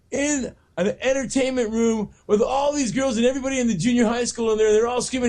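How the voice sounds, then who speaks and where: Profane, high-voiced rock guitarist. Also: male voice, darkish tone. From San Francisco, California. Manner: profane, rambling storyteller, laughs often. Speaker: rock guitarist, interview guest. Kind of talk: casual radio interview.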